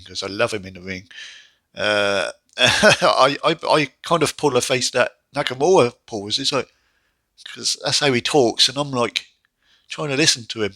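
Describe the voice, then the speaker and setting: A man talks through a wrestling show in a loose, rambling rant, sighing and breaking into shrill mocking impressions. His voice is very bright and forward, recorded close and completely dry. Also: dry recording. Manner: rambling, exasperated, jumps into high mock voices. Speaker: wrestling reviewer. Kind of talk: casual solo review.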